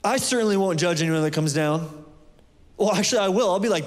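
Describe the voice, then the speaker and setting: A man with a high voice preaches with passion, talking to the congregation in a casual way and joking between points. The sound rings out with the long reverb of a church hall. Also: expressive, fast talker, pauses often. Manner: passionate, conversational preaching with jokes. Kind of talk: sermon.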